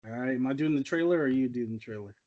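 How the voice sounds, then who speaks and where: A man's voice: mid-range voice, very fast, lo-fi sound. A man co-hosting a casual podcast, laid-back, slangy and profane. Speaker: podcast co-host. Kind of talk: casual chat.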